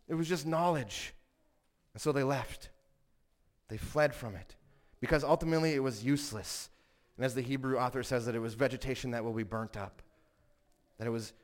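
A man preaching a sermon in an earnest way, rising to emphatic peaks and telling stories with quoted voices. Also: mid-range voice.

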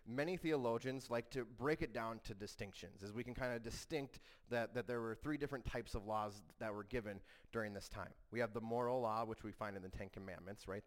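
A male pastor preaching a sermon in a conversational way, often stopping to ask "right?" and restarting sentences. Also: lowish voice.

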